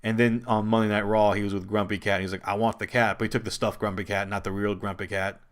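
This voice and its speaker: A man hosting his own wrestling show, talking casually and at length, with many restarts and sudden high jumps in pitch when he quotes people. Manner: rambling, animated, quick pitch jumps when quoting. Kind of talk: casual solo commentary.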